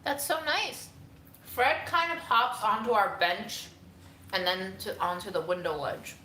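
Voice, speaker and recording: A woman hosting a casual livestream from her room at home, chatting and ranting to her viewers. Her voice is bright and tense. The room is echoey with faint noise behind her. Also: medium pitch, unhurried. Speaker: livestream host.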